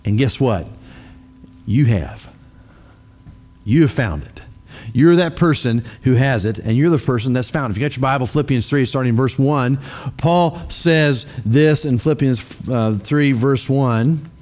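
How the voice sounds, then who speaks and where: A man's voice: medium pitch, unhurried, a little mellow. A man preaching a sermon in a casual, conversational way, often putting questions to the congregation. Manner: many fillers and restarts. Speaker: pastor.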